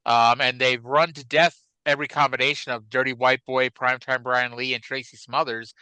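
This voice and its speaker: A man's voice: mid-range voice, level tone, fairly quick, sharp tone, clean tone, no echo, rough recording. A man co-hosting a wrestling podcast in a casual, rambling chat. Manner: chatty, rambling, with fillers. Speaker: podcast co-host.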